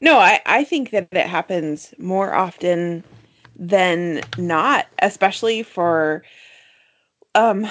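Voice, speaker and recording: A woman co-hosting a podcast, speaking in reflective, casual chat. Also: fairly low pitch. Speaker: podcast co-host.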